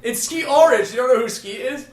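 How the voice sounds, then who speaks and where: A man co-hosting a casual podcast, chatting loosely with plenty of swearing and quick laughs. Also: very high-pitched, expressive. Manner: loose and profane, laughs easily. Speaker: podcast co-host. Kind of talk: casual chat. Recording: echoey room.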